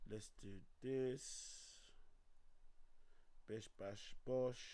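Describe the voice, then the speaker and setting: A young man, his voice worn hoarse, chatting loosely to his livestream audience, repeating himself and swearing as he goes. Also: mid-range voice, dry recording. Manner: loose, repetitive, swearing, talks to chat. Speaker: livestream host. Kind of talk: casual livestream chat.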